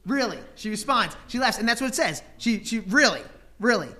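A man's voice: high voice, lively intonation, fairly quick, pushed and bright. A man preaching a sermon, teaching scripture with rhetorical questions and acting out voices and laughter.

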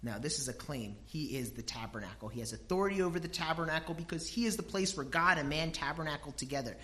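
Animated preacher with a bright forceful voice. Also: male voice, fairly high pitch, fast. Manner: animated, emphatic, swings between hushed and loud; uses homely family stories. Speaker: pastor. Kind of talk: sermon.

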